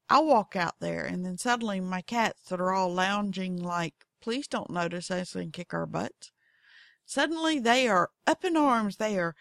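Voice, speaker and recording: A woman with a Southern accent talks slowly and folksily, hosting her own podcast. Her voice has a gravelly, fry-tinged edge. It is recorded dry and close, with no room sound. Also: medium pitch, fairly bright tone, dry recording. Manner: goofy, folksy, acts out her cats in voices. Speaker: podcast host. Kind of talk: casual storytelling monologue.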